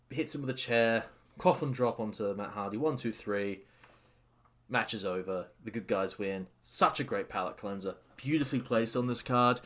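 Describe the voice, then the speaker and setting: A man hosting a casual wrestling recap, excitable and rambling with many fillers and restarts. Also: on the low side. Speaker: podcast host reviewing a wrestling show.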